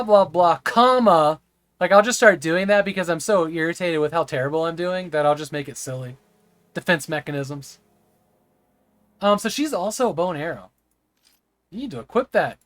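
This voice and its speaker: A man's voice: on the high side, expressive, normal speed, pauses often, a bit bright, dry recording. A man streaming a game live, rambling and chatting with viewers, sometimes stammering over words. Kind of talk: live gameplay stream chat.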